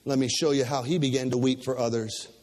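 A pastor preaching a sermon, stacking rhetorical questions in a rising cadence, with restarts and repeated words, in a church. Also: male voice, medium pitch, steady tone, fairly quick, a little mellow. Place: church sanctuary. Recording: long hall reverb.

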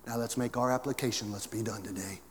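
A male pastor preaching a sermon to his church, with big swings in pitch and volume. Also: steady tone, fast talker, big-room sound, a little hiss or hum.

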